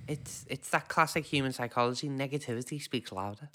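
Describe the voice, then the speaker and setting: A man's voice: medium pitch, brisk, pushed and bright. A man co-hosting a podcast in casual chat, dry and joking, laughing often. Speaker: podcast co-host.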